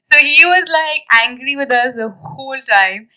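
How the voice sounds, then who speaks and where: Chatty woman, bright voice, animated interview anecdotes. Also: high voice, normal speed, poor audio. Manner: chatty, animated storytelling with fillers and laughs. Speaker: actress at a film press event. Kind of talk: casual press interview chat.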